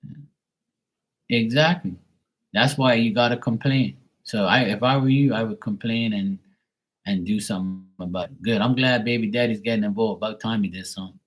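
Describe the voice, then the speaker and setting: A man reading tarot on a live stream, chatting bluntly to a viewer, swearing freely and getting animated when worked up. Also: on the low side, normal speed, poor audio. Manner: blunt, swears often, talks straight to a viewer. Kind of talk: casual live-stream chat.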